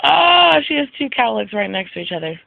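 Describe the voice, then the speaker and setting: A woman's voice: fairly high pitch, very animated, fairly quick, gravelly, no echo, narrow, tinny audio. A young woman, a mother filming her baby at home, chatting casually with playful, giggly, teasing baby talk. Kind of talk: casual home video chat.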